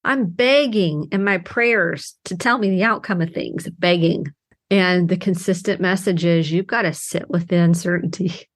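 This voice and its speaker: A woman's voice: lowish voice, normal speed. A middle-aged woman therapist hosting her own podcast, talking alone in an earnest, heartfelt way with emphatic bursts. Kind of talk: reflective solo podcast monologue.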